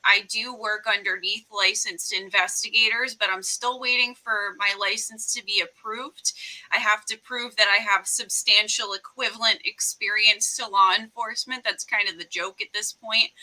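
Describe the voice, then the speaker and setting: Bright-voiced woman guest, earnest. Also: mid-range voice, poor audio. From Rhode Island. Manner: earnest and detailed, steady explaining. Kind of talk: podcast interview answers.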